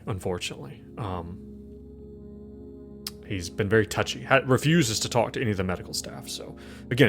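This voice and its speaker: A man voicing a cautious hospital doctor in a tabletop horror game, speaking quietly and hesitantly. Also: fairly low pitch.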